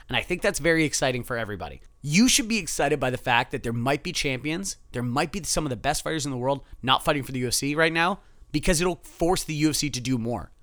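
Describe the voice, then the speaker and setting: A man hosting a solo sports betting podcast, animated and sarcastic, swinging from loud outbursts to muttered asides. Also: on the high side, no echo, clean studio sound.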